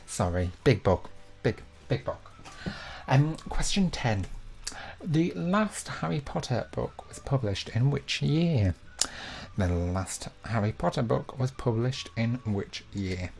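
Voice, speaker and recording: A man's voice: medium pitch, expressive, slow, vocal fry, darkish tone. A young man hosting a live online quiz, reading each question twice and filling the gaps with chatty, self-mocking asides. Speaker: quiz host.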